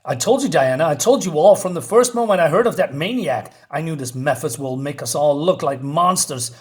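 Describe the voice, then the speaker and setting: A man's voice: a little high, lively intonation, fairly quick, natural voice. A man voicing an angry, righteous male superhero, reading his comic-book lines aloud with emphasis. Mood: indignant.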